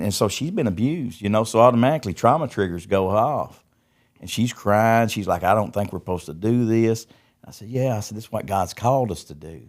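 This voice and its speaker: A middle-aged man with a very low, somewhat dark voice gives a folksy testimony as a guest on a podcast. He founded a recovery ministry, and as he tells his stories casually he tends to repeat words.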